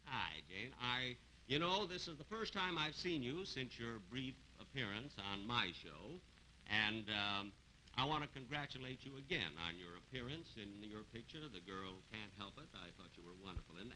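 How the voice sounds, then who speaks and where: An older man hosting a 1950s TV variety show on stage, joking in a dry, deadpan, self-mocking way. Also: mid-range voice, moderate pace. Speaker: TV comedy show host. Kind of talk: 1950s TV variety comedy banter. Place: TV studio stage before a live audience. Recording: noisy 1950s TV broadcast recording.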